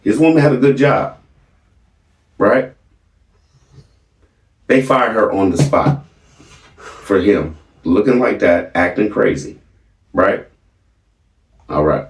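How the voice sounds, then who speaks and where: A man's voice: on the low side, takes it slowly, pauses often, distant mic. A middle-aged man casually telling a family story to his viewers, emphatic and often asking "right?". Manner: emphatic, keeps checking in with "right?". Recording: roomy, from off the mic.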